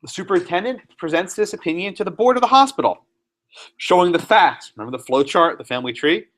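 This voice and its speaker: A law professor, a man, lectures to a room of students. His voice sits a bit high and swings up and down with energy. He leans on sarcasm and turns to ask students questions. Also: expressive, fast, fairly bright tone. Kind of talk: classroom lecture. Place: classroom.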